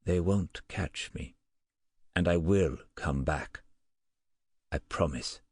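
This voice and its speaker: A resolute man speaks in a firm, deep voice, as a male narrator reads him. His words come dry and close in a storybook reading. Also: slow pace, a little mellow, slightly rough, dry recording, heavily acted. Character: resolute man set on a dangerous mission.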